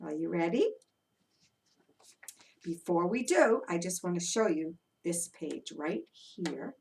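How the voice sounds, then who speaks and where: A woman who is an early childhood educator, leading a children's story time with movement in an animated, encouraging way for toddlers. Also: fairly low pitch, takes it slowly, gravelly, far from the mic, a little hiss or hum.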